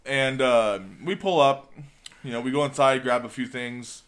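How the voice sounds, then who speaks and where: A man's voice: mid-range voice, steady tone, moderate pace, fairly bright tone. A man telling a story bluntly in casual chat.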